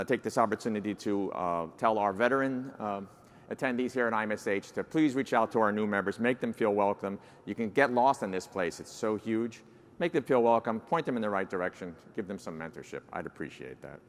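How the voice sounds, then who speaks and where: Older New York-accented man giving a keynote in a big hall. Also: on the low side. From New Jersey, United States. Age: 60s. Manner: folksy, self-deprecating, frequent uh fillers. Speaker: society president giving an address. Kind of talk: conference keynote speech. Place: large conference hall. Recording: large hall with long reverb.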